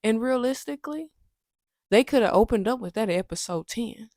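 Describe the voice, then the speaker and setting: A woman recaps a TV episode in a loose, heated rant. She fires off profane rhetorical questions at her audience. Her pitch and loudness swing widely as she gets worked up. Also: expressive, fairly quick. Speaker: TV recap host.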